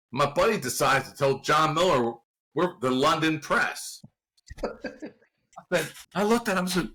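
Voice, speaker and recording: A man from the Baltimore area, a guest actor, telling an animated anecdote in casual conversation with bursts of laughter. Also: on the high side, rough recording. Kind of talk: casual storytelling.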